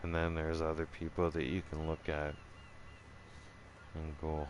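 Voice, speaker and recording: A man with a deep, low voice tells a story from his own channel at an unhurried pace. His talk is casual and profane, full of restarts and tag questions. A faint hiss sits under the recording. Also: monotone. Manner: profane and rambling, restarts a lot, keeps asking "right?". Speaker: channel host telling a story.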